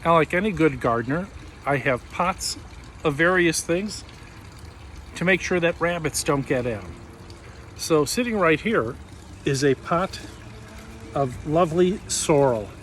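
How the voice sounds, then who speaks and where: A man hosting a casual cooking demonstration, explaining each step in a relaxed, chatty way from his home kitchen. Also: fairly high pitch, measured pace, pauses often, slight background noise, low-quality recording. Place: backyard garden, then home kitchen.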